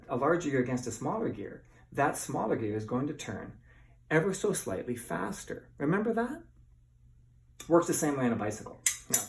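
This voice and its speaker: Teacher guy, playful, quizzes the kids, mic kinda far off. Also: mid-range voice. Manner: chatty, playful, asks questions. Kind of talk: classroom demonstration lesson. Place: indoor room with bikes. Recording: echoey room, voice from afar.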